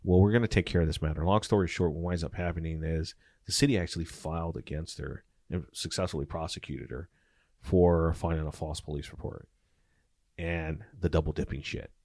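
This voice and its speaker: A man's voice: rumbling low, fairly even intonation, brisk, a little mellow, no room sound, studio quality. A middle-aged man and former police officer telling stories in a casual interview, swearing often and acting out the dialogue with animation.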